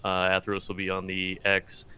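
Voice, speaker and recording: A man leads the raid over voice chat, handing out assignments in a relaxed, matter-of-fact way. His voice is bright and sits a bit low. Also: moderate pace, smooth. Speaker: raid leader. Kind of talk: casual voice chat during a game raid.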